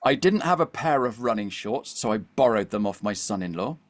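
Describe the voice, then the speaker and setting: Speaking a little fast in a voice on the low side, a middle-aged podcast guest recounts a story with lots of animation. He regularly checks on his listener with "okay?" and "all right?".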